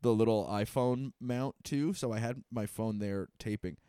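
A man, a stand-up comedian co-hosting a podcast, telling stories in casual, profane, animated chat. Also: on the low side, moderate pace, clear, resonant tone, no room sound, clean studio sound.

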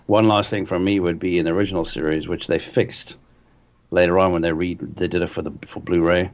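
Very low-voiced man, dull lo-fi sound. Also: level tone, brisk, slight background noise. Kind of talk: casual chat.

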